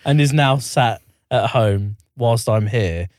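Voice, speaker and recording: A man's voice: medium pitch, slow, heavy background noise. A man co-hosting a podcast, telling a story in casual chat with lots of laughter. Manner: giggly, animated storyteller. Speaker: podcast co-host.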